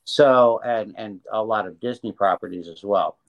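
A man's voice: lowish voice, normal speed, dull audio. An older man in an interview, telling a story casually with lots of energy. He restarts his sentences often and slips into voices for the people he quotes. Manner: animated, does voices, many restarts. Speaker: interview guest, illustrator.

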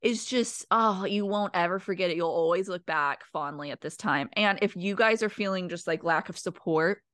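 A woman's voice: lowish voice, moderate pace, a bit bright, dry recording, studio quality. A mother hosting a podcast, speaking in an effusive, encouraging way to her guest and listeners. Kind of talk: casual podcast conversation.

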